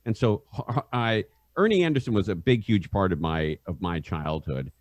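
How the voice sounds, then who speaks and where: A middle-aged man, a radio host and podcast guest, telling rambling stories in a halting way and laughing through them. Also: low voice, expressive, dry recording. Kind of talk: casual anecdote telling.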